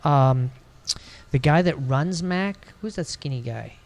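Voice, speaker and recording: A man's voice: a little high, animated, slow pace. A man co-hosting a podcast, joking and rambling through casual chat. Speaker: podcast co-host.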